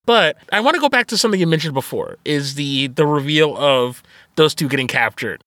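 A man co-hosting a podcast, chatting casually about a movie in an animated, profane way and laughing often. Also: a little high, a little fast, no room sound, clean studio sound. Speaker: podcast co-host. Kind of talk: casual movie review chat.

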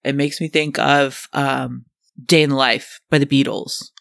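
A co-host in a casual music podcast, relaxed, reading from notes and swearing casually. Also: mid-range voice, unhurried, vocal fry, no room sound, clean studio sound.

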